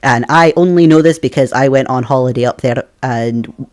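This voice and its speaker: A man's voice: medium pitch, normal speed, darkish tone. A Scottish man from Scotland, streaming a game and chatting casually with his viewers, rambling on and laughing often. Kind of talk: casual live-stream chat.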